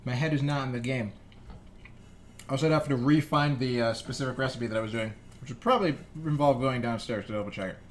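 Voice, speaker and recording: A man's voice: medium pitch, quick pace, slight background noise. A man hosting a live baking stream at home in his kitchen, chatting casually and playfully, talking to himself and humming little tunes. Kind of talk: casual live-stream chat while cooking.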